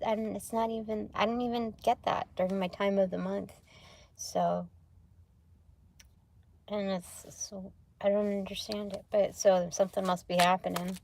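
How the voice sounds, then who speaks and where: Young woman, laid-back tarot livestreamer, slow rambling delivery with frequent laughs. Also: mid-range voice, level tone, vocal fry, darkish tone. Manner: rambling, laughs often, swears casually. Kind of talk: casual spiritual livestream chat.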